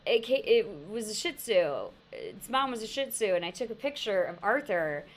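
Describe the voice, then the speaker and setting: A woman co-hosts a podcast, telling stories in an animated, casual chat and laughing often. She speaks in a mid-range voice at a moderate pace.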